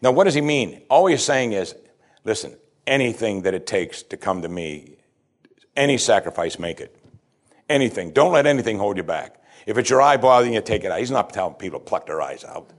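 Guy preaching a sermon, reads verses then explains em, gets loud and emphatic on the key stuff. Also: medium pitch. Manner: reads scripture aloud, then explains it conversationally; emphatic, often rising to stress a point. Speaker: pastor.

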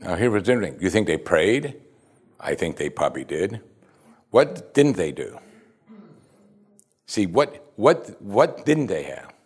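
A man's voice: low-pitched, big pitch swings, a little slow, pauses often, husky. A man preaching a sermon, reading scripture aloud and stopping to comment, talking conversationally and asking his listeners questions. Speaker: pastor.

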